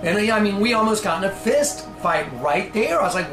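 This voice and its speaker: A man telling a personal story in an animated way, acting out quotes and shouts. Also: sits high, a little fast. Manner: animated, mimics voices and shouts. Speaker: speaker in a video. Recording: roomy with music underneath.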